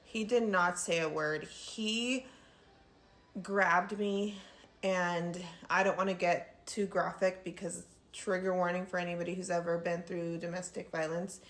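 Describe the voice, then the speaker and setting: Lower-voiced woman telling a personal story. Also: fairly even intonation, fairly bright tone. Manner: halting, earnest, addresses viewers as "you guys". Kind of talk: casual storytime to camera.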